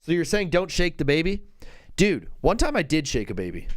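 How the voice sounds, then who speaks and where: A man hosting a live basketball call-in show, talking in an excitable, joking, rambling way. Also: on the high side, fairly quick, dry recording. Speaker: host.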